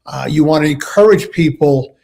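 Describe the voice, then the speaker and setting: A middle-aged man, a law enforcement veteran and regular guest, talking casually in a halting way with many restarts. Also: fairly high pitch, gravelly, mellow. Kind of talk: casual talk show chat.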